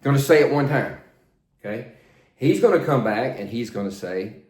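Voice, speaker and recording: An older man working as a flight instructor, coaching in a plain, steady, repetitive way. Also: mid-range voice, moderate pace. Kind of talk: spoken instruction, demonstrating radio calls. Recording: roomy echo.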